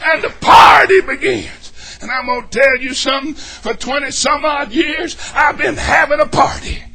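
A man preaching a fervent, folksy sermon in a church, shouting and whooping as he jokes with the congregation. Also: very high-pitched, gravelly. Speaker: pastor.

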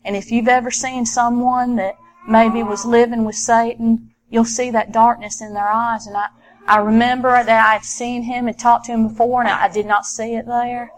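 A middle-aged woman, a former police officer, telling her own story in an earnest, halting way with many repeated starts. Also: fairly high pitch, little pitch movement, poor audio. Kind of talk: personal testimony storytelling.

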